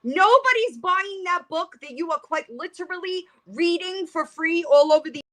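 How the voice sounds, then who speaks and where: A woman's voice: very high-pitched, lively intonation, moderate pace, fairly bright tone. A middle-aged woman hosting a livestream, ranting bluntly and profanely and rambling with frequent restarts. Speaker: livestream host. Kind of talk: casual livestream rant.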